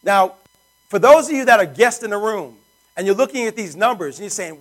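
A man with a high voice pitches to a room of guests with lots of energy. He often turns to the crowd with rhetorical questions. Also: animated, brisk, fairly bright tone, poor audio. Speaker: sales presenter. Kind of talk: sales pitch to a live audience.

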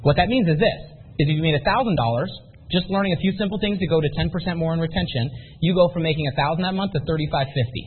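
A man giving an energetic sales pep talk at a live seminar, firing rhetorical questions at the audience. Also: fairly high pitch, quick pace, slightly rough, narrow, tinny audio. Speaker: motivational business speaker.

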